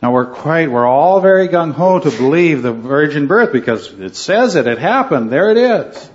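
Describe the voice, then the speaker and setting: A man's voice: fairly high pitch, sing-song, normal speed. A man teaching a Bible study class to a group, earnestly checking in with "right?" and "okay" as he leads the discussion. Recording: dull lo-fi recording.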